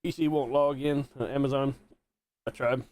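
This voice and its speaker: A man's voice: mid-range voice, fairly even intonation, moderate pace, darkish tone, dry recording. A man from Mississippi, chatting casually to viewers while hosting a live-stream watch party, rambling and repeating himself.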